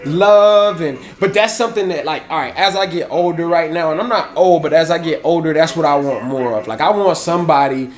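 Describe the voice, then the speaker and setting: High-voiced man debating music. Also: brisk, few pauses. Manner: hesitant, restarts and repeats words while building an argument. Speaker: podcast co-host.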